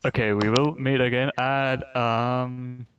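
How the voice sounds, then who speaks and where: An easygoing man running a tabletop game over a voice call, with a mid-range voice and halting, relaxed phrasing. A faint hiss of noise sits behind him. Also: mid-range voice, lo-fi sound. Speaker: game master. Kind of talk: casual organizing talk on a voice call.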